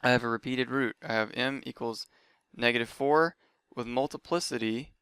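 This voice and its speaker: Bright, clear-voiced man teaching math steps. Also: medium pitch, moderate pace, no room sound. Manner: methodical, talks through each step aloud. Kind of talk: lecture.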